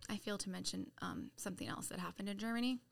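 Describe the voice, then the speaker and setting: A middle-aged woman from San Diego telling her life story on a podcast in a blunt, profane, animated way. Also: mid-range voice, rapid-fire, creaky. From San Diego, California. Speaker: podcast guest. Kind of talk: casual storytelling.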